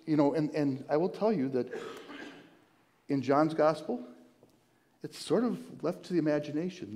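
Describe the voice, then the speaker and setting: A man preaching a conversational sermon as pastor, retelling a story in a halting way, repeating and restarting words and inviting listeners to join in. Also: on the high side, warm tone. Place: church sanctuary. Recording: long hall reverb.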